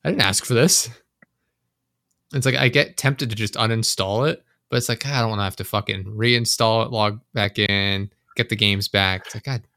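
Swearing, ranting man with a bright voice. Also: lowish voice, steady tone, normal speed, few pauses, no echo, studio quality. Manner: swears freely, acts out frustrated inner monologue. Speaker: podcast co-host. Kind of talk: casual chat.

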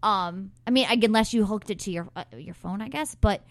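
A woman talks casually as a podcast guest, bubbly and quick to gush, scattering ums and likes as she explains things. Her pitch sits mid-range for a woman. The recording is dry and close, with no room sound. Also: no room sound. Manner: bubbly, gushing, lots of fillers.

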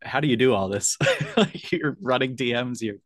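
A man's voice: mid-range voice, normal speed, no room sound. A man appearing as a guest author on a podcast, explaining his ideas in a loose, rambling way and laughing often. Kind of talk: casual interview answers.

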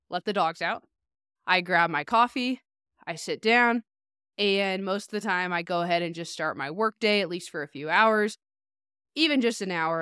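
A woman hosts her own podcast as a coach, chatting in an upbeat, appreciative way. Her voice is smooth and clear, with a slight nasal tinge from allergies. It is recorded close and dry, with no room sound. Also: lowish voice, a bit bright, no echo. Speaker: podcast host and life coach. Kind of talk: casual podcast monologue.

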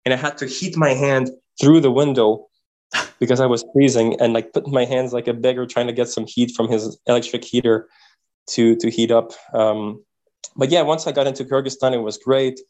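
A man from Quebec, a podcast guest telling travel stories in a casual, animated way, often repeating words as he thinks. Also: medium pitch, normal speed, poor audio. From Quebec, Canada. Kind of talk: casual interview storytelling.

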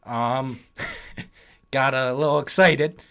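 A man's voice: medium pitch, fairly even intonation, takes it slowly, creaky, fairly bright tone, clear, resonant tone. A young man co-hosting a podcast, telling self-mocking stories in casual chat. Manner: joking, self-mocking storyteller.

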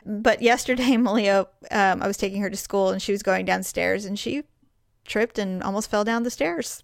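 A middle-aged woman co-hosting a podcast, telling funny stories with lots of laughter and squeaky acted-out quotes. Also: normal speed, vocal fry, no room sound, clean studio sound. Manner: laughs often, acts out quotes in high chirpy voices. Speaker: podcast co-host. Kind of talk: casual chat.

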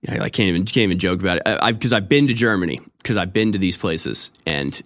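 A man's voice: low voice, quick pace, a bit bright. Sarcastic male commentator on a rant. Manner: sarcastic, mocking, rambling. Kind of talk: opinionated monologue.

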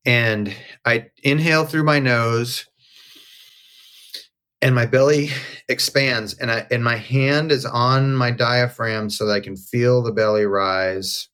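A man's voice: mid-range voice, slow pace, clear, resonant tone. A man being interviewed, telling a personal story in a candid, conversational way and acting out the dialogue. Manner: animated, acts out quoted dialogue. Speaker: interview guest.

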